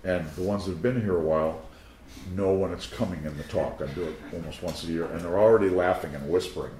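Low-voiced preacher in a roomy room. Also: male voice, quick pace, mellow, slight background noise. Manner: anecdotal, conversational storytelling with asides to the crowd. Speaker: pastor. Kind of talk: sermon. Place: teaching room before a live audience.

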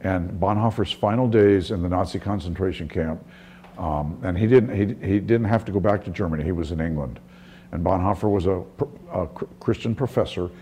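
A man's voice: low voice, brisk, dark tone, a little hiss or hum. A middle-aged man preaching a sermon as a pastor, telling stories conversationally and often restarting his sentences. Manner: conversational storytelling with frequent restarts.

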